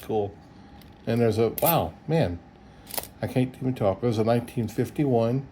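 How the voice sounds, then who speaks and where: A middle-aged coin roll hunter sorts coins on camera in a casual solo video, chuckling as he goes. His medium-pitched voice is mellow and measured, and his manner is easygoing and folksy as he thinks aloud, with slight background noise behind him.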